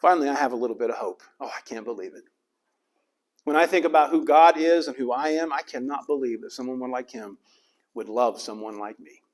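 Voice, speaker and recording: A man's voice: medium pitch, a little fast. A middle-aged man preaching a sermon as pastor. He acts out the lines of the people in the story with dramatic swings.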